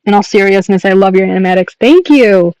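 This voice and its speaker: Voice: medium pitch, brisk, a little mellow, smooth, no echo, dull audio. A young adult artist chatting casually on a livestream while drawing, rambling, laughing often and swearing.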